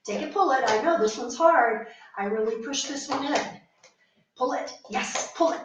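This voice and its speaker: A woman who handles a search and rescue dog, giving short commands and warm praise and explaining each training exercise. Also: high-pitched, animated, moderate pace. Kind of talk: training demonstration with running explanation. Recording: very echoey room, mic at a distance, faint noise.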